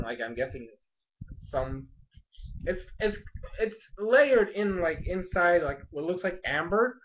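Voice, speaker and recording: A young man recapping an anime episode as a vlogger, gushing with excitement and acting out the characters' lines in bursts. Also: fairly high pitch, lo-fi sound, a little hiss or hum. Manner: hyped, gushing, acts out quotes in bursts.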